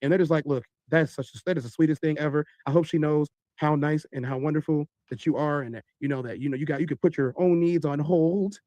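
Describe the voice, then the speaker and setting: A man telling a long story in animated style, acting out other people's voices. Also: on the high side, fast, few pauses, dry recording. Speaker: podcast host telling a story.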